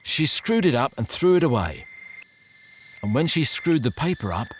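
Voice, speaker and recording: A man's voice: medium pitch, moderate pace, slight background noise. Man narrating a spooky story expressively. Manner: expressive, suspenseful. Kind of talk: scripted first-person story narration.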